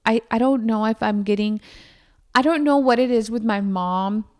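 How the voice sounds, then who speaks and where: A woman's voice: on the high side, normal speed, darkish tone. A young woman hosting a podcast, chatting casually with lots of fillers and addressing her listeners directly. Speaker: podcast host. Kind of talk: casual chat.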